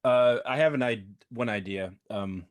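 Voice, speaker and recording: A man's voice: mid-range voice, unhurried, no echo. A man playing a tabletop role-playing game, describing his character's actions with hesitant fillers. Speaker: player. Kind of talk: casual tabletop play.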